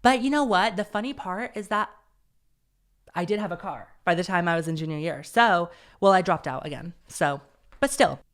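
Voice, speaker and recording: A man's voice: sits high, animated, normal speed, fairly bright tone. A young man hosting his own podcast, talking casually and rambling with a self-deprecating humor. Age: young adult. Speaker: podcast host. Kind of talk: casual solo podcast chat.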